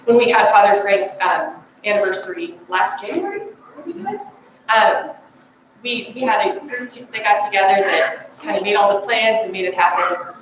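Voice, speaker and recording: A woman's voice: mid-range voice, animated, moderate pace. A woman runs a church annual meeting in a loose, chatty way, laughing between her points. Her voice rings out in a very echoey hall from a distance, with a noisy background. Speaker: vestry head.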